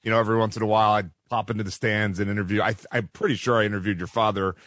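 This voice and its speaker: A man's voice: fairly low pitch, little pitch movement, very fast, fairly bright tone, dry recording, studio quality. A male interviewer asking questions in a casual talk, friendly and hesitant, laughing along. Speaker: interviewer, host.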